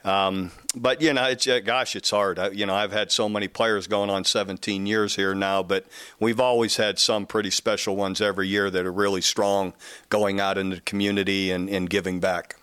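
A middle-aged man, a football coach, answering interview questions in an earnest, halting way. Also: lowish voice, little pitch movement, fairly bright tone, clear, resonant tone, dry recording.

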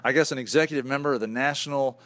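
A man's voice: mid-range voice, rapid-fire, a bit bright. Man, radio host, enthusiastic, rambling questions, mid-range voice. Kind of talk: radio interview.

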